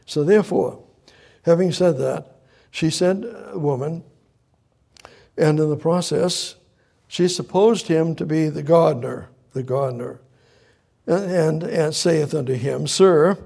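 A man's voice: on the high side, measured pace, creaky, warm tone, breathy edge. A male preacher giving a sermon, retelling scripture dramatically with many repeats and old-style Bible quotes.

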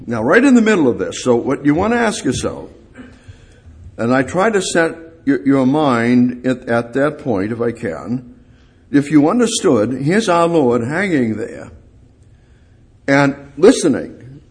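Slow preacher man, lively, repetitive. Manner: halting, repeats phrases for emphasis; rises and swells on key words, then drops low. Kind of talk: sermon.

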